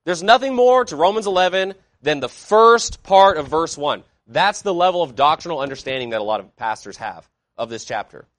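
A pastor delivering a sermon to his congregation in an emphatic preaching manner, posing rhetorical questions and swinging between loud declarations and quiet asides. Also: fairly high pitch, expressive, brisk, dry recording, clean studio sound.

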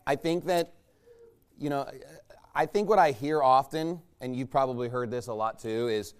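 A man's voice: mid-range voice, moderate pace, clean tone. A man preaching a conversational sermon in a folksy, rambling way, checking in with the congregation with rhetorical questions. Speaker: pastor.

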